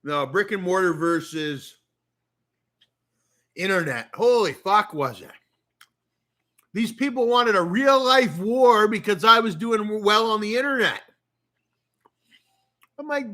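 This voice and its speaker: A man's voice: sits high, unhurried, long pauses, bright, forceful tone. A man with a Canadian accent telling a long, rambling story in a casual rant, swearing often and talking with a lot of animation. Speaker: streamer.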